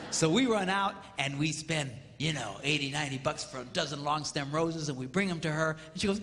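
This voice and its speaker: A man giving a comedic marriage seminar on stage in a large hall, playful and animated, acting out little quotes and sound effects. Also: a little high, fairly quick, few pauses, a little hiss or hum. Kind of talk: comedic live seminar talk. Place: large hall with live audience.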